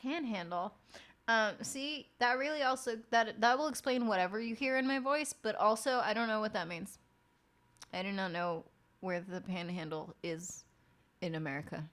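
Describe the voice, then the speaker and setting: A young woman streamer talks into a desk mic in a loose, rambling late-night chat. Her tone is bright and clear, and she swears freely as she tells her stories. Her pitch sits in the middle range for a woman. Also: normal speed. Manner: frank, swears a lot, rambling storyteller.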